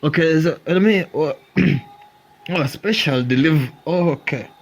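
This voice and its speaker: A man's voice: a little high, unhurried. A man acting out a bored police chief who gets flustered at his desk, mumbling and stammering.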